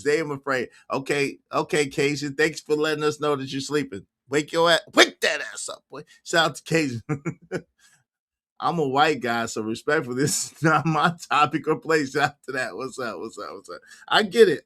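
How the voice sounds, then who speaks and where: A man hosting a casual livestream chat, bantering loudly and giving shout-outs to viewers. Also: fairly high pitch, moderate pace. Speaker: livestream show host.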